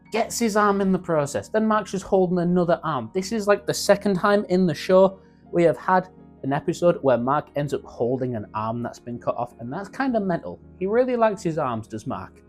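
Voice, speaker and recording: A young man excitedly recapping a show in casual slang, acting out the characters' lines as he goes. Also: high voice, normal speed, faint music behind. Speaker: YouTube reviewer.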